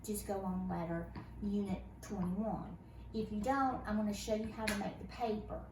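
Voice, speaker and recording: A woman's voice: mid-range voice, fairly even intonation, moderate pace. A woman teaching a first grade phonics lesson, patiently encouraging her pupils to read each word aloud, recorded at home. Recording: roomy, distant, noisy home recording.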